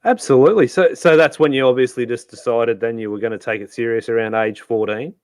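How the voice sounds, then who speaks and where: A man's voice: mid-range voice, fairly even intonation, fast talker, a little mellow, clear, resonant tone, no echo, clean studio sound. An Australian man hosting a live-streamed interview show, chatty, with many fillers and restarts. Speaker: host.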